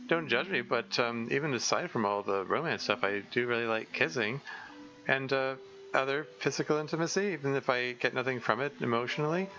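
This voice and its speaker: A man reading a shy, self-conscious teenage schoolgirl aloud, hesitant and halting. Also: mid-range voice, pushed and bright, muffled recording, soft background music. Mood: bashful.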